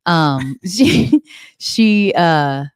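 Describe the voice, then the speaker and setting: A man's voice: fairly high pitch, big pitch swings, drawn-out words, smooth, no echo, studio quality. A man in a casual podcast chat who talks in a chatty, hedging way full of fillers.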